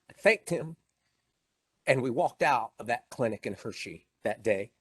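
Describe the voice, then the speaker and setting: A man's voice: medium pitch, moderate pace, no echo. A middle-aged man giving an inspirational keynote talk, telling a personal story with emphasis and growing emotion. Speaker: motivational speaker.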